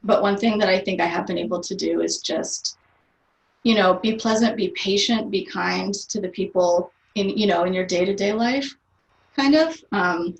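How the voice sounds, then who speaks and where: A woman's voice: medium pitch, moderate pace, vocal fry. Chatty woman heard from a distance. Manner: chatty, laughs often, many fillers. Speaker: guest. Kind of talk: casual interview chat. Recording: roomy, distant from the mic.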